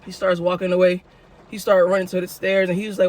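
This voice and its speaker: A man's voice: high-pitched, monotone, quick pace. A man telling a casual story-time tale for his vlog in a slangy way, full of "you know what I'm saying.". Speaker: vlogger.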